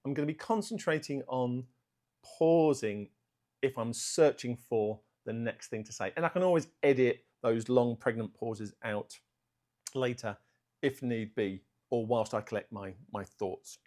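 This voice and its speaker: A man talking unscripted to camera for his art channel vlog. He speaks in a self-aware way and works on slow, deliberate delivery, though fillers still slip in. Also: medium pitch, a little mellow. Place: indoors, room at home.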